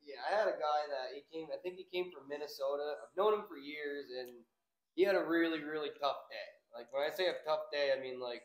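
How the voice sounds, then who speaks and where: A man working as a fishing guide, telling a casual anecdote to a club with animated, laughing asides. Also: a little high, a little fast, reverberant, poor audio. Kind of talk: casual storytelling to a club audience.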